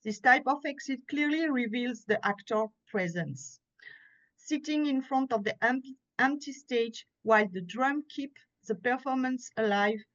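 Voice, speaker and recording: A woman with a French accent, reading an academic paper aloud at a conference in a careful, measured way, pausing now and then to correct a slip. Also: a little high. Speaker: conference speaker. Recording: muffled, lo-fi conference audio.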